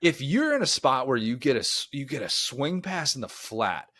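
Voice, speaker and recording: A man's voice: mid-range voice, very animated, normal speed, pushed and bright, no room sound. A man co-hosting a sports podcast, chatting casually and wandering into long tangents. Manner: rambling, talks himself into tangents. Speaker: co-host.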